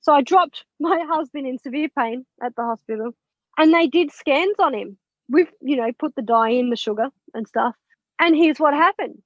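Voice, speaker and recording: A woman telling a personal story as a podcast guest, animated and candid, with swearing and laughter. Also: high-pitched, moderate pace, no room sound. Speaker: podcast guest, spiritual mentor. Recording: dull lo-fi, dry sound.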